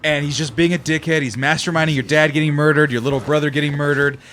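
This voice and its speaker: A man co-hosting a podcast, telling stories in casual chat with lively swearing. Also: fairly high pitch, fast, slight background noise. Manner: animated storytelling with swearing. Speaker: podcast co-host.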